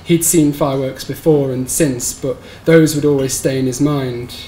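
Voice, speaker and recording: A man reading his own short story aloud at a live bookshop event, in a measured, somber storytelling manner. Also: medium pitch, steady tone, warm tone. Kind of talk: live reading of literary fiction. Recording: roomy live recording with faint background noise.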